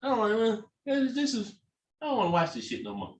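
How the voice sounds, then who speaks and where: Animated podcast host with a lively voice. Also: mid-range voice, fairly quick, far from the mic. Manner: animated storyteller, acts out quoted voices, swears freely. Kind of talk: casual chat. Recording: roomy echo, somewhat off mic.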